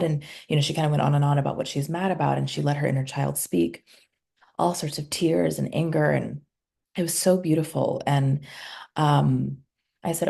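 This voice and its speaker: A woman speaks as a podcast guest, a somatic healer recalling a couples session. Her voice sits low and warm with a gravelly, slightly husky edge. She retells the story conversationally and voices the people in it as she goes. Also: fairly even intonation, moderate pace. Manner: recounts client sessions, acting out quoted dialogue.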